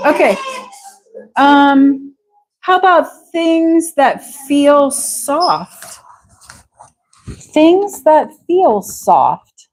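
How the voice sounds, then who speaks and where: Slow, patient female English teacher. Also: high voice, expressive, darkish tone, slight background noise, poor audio. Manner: slow, patient, drawn-out repetition of words. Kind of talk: live online English class.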